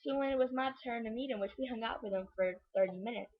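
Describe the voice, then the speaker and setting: A teenage girl from Louisiana, excitedly telling a rambling story in a vlog, full of "like" and "oh my God". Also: fairly high pitch, fast. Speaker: vlogger. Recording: dull lo-fi webcam audio.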